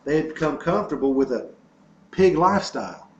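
A man's voice: on the high side, expressive, fairly quick. Man preaching in an echoey, dull-sounding room. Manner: earnest preaching with repetitions and storytelling. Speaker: pastor. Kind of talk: sermon.

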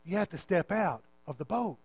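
A man's voice: sits high, lively intonation, moderate pace, a little mellow, slightly rough. A male pastor preaching an impassioned sermon into a handheld microphone in a church, pleading with his listeners. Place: church sanctuary.

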